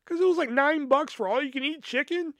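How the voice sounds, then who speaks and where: A man's voice: very high voice, brisk, a bit bright, no echo, clean studio sound. Rambling, foul-mouthed man telling stories. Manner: rambling, profane, lots of fillers. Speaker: podcast host. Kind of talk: casual storytelling.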